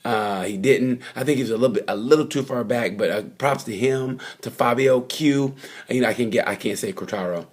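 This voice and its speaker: Speaking at a fairly quick clip in a mid-range, slightly rough voice, a man reviews motorcycle races trackside. His recap is loose and improvised, wandering through fillers and side comments.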